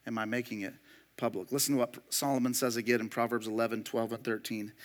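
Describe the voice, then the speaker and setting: A man preaching a sermon as pastor, emphatic and moving between loud declarations and hushed storytelling. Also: medium pitch, level tone, fast.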